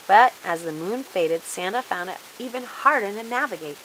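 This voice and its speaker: Bright-voiced woman reading a storybook. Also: medium pitch, normal speed, hardly any pauses, a little hiss or hum, poor audio. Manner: expressive, animated read-aloud.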